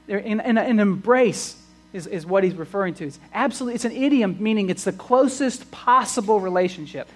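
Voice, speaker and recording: A man's voice: high voice, rough recording. A man preaching a sermon, repeating words as he restarts phrases and rising into emphatic bursts.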